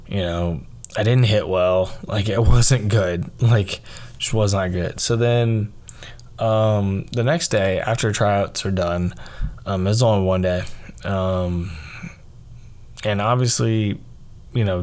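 A young man with a fairly low voice tells a personal story on his podcast. He rambles, restarts and fills the gaps with "like" and "um". It sounds casual and unscripted. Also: darkish tone. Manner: rambling, filler-heavy, frequent "like" and "um". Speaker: podcast host.

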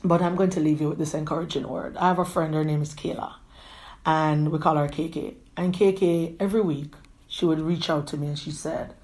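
A woman hosts her own podcast, speaking in a slightly low voice. She gives an earnest, rambling pep talk, circling back to the same phrases again and again. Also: fairly even intonation, a little mellow. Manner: earnest, rambling, repeats herself often; quick talker who gestures a lot. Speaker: podcast host. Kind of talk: encouraging motivational talk.

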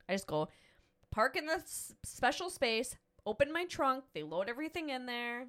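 Woman, 30s, podcast host with a lively, fairly high voice, chatty and animated. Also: normal speed. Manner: animated storyteller, acts out voices. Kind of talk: casual chat.

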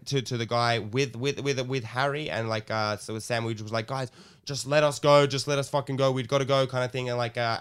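A man's voice: medium pitch, smooth. A young man telling a rambling story in casual chat, swearing and restarting often. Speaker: guest storyteller.

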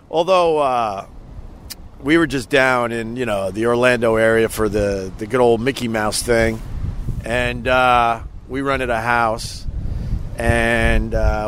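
A middle-aged man rambles through viewer comments on a livestream from a beach at sunset, chuckling often and swearing freely. His pitch sits in an ordinary middle range. Faint wind and outdoor noise hang behind his voice. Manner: rambling, chuckling, loose and profane. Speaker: livestream host. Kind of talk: casual chat reading viewer comments.

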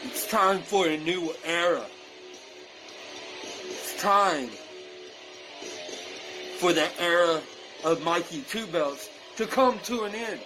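A man delivering a boastful, menacing wrestling promo, slow and deliberate. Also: high voice, low-quality recording. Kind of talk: scripted wrestling trash-talk promo. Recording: guitar music playing loudly behind.

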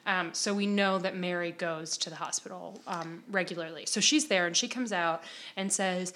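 A woman's voice: fairly low pitch, moderate pace, fairly bright tone, slight background noise. Chatty laughing woman co-hosting a podcast. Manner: chatty, laughs often, playful with silly put-on voices. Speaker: podcast co-host. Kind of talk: casual chat recapping a TV episode.

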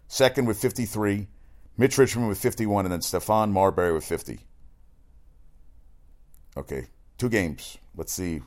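A middle-aged man with a slightly low, darkish voice hosts a sports talk show, giving a casual radio monologue. He speaks bluntly, with frequent asides and swearing.

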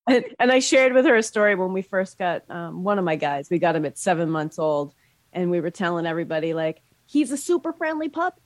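A woman joining a podcast chat, quick to laugh and trade jokes. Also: on the low side, no room sound. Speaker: podcast guest, groomer.

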